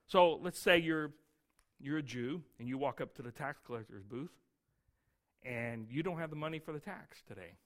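A male pastor preaching a sermon, telling the story lively and acting out scenes. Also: on the high side, normal speed.

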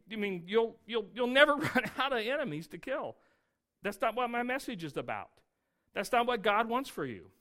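Bright-voiced male pastor preaching. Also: sits high. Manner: animated storytelling, acting out scenes. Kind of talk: sermon.

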